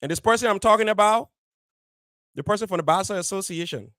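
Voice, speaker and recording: A man's voice: high voice, fast talker, a bit bright, dry recording. A man hosting a community show, speaking straight to his audience with firm emphasis and repeating key phrases. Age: adult, married. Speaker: radio show host. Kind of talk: direct address on a community show.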